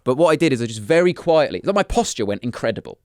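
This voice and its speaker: Speaking quickly in a mid-range voice, a British comedian in his thirties tells funny stories as a guest on a casual podcast. He is animated and acts out voices in his anecdotes, captured in studio quality with no echo.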